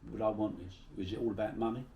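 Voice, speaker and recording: A man's voice: fairly low pitch, steady tone, very fast, roomy sound, far from the mic, dull audio, a little hiss or hum. A middle-aged man from Bermondsey with a South London accent, telling salty stories in a casual interview. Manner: chatty, salty, swears freely while telling anecdotes.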